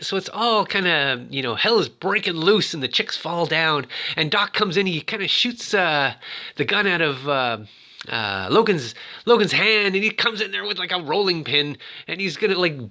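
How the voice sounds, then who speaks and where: A man in his fifties rambling excitedly as he retells a movie plot in casual chat. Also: high voice, moderate pace. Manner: rambling, excitable, lots of fillers. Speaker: movie toy reviewer.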